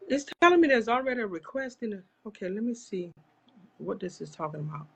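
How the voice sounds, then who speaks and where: A woman's voice: medium pitch, animated, quick pace, husky. A woman hosting a live online talk show, speaking straight to her viewers in an impassioned, churchy way. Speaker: live-stream host. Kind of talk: casual live chat.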